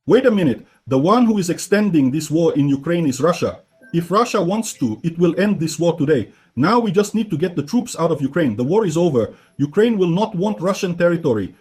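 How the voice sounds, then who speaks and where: A man giving dubbed news commentary in a conversational, emphatic way, often tagging his points with "right?" and "okay?". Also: slightly rough. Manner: emphatic, often jumps up in pitch and loudness. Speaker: political commentator.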